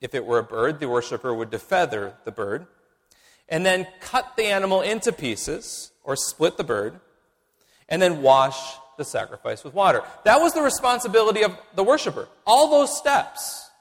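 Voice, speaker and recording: A man delivers a teaching sermon, his voice sitting a little high and swinging widely in pitch. He drives points home by repeating them in a measured way. The sound rings with the long reverb of a church hall. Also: big pitch swings. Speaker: pastor.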